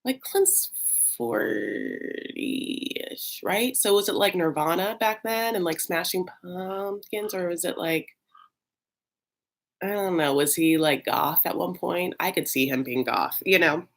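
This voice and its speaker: A woman's voice: on the low side, unhurried. Chatty gossipy woman recapping TV. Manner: chatty, gossipy, full of fillers and asides. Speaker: reality TV recap host. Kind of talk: casual comic recap.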